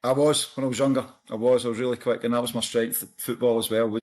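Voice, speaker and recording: A middle-aged Scottish man, a podcast guest, chatting casually and telling animated stories. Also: mid-range voice, quick pace. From Scotland. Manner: storytelling, animated anecdotes. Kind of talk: casual chat.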